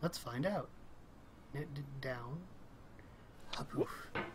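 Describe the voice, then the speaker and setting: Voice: medium pitch, animated, slow pace. Rambling gamer with audible background hiss. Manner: chatty, thinks aloud, rambles, frequent little laughs and exclamations. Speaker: let's play gamer. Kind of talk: casual rambling game commentary.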